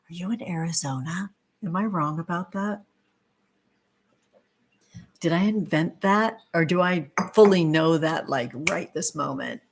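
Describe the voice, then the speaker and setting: A woman runs a casual tarot livestream, reading viewer comments aloud. She gushes and sprinkles pet names everywhere, and her voice sits a touch on the low side. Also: unhurried, long pauses, slightly rough. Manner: effusive, gushing, calls viewers sweetheart. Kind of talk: live-stream chat with viewers.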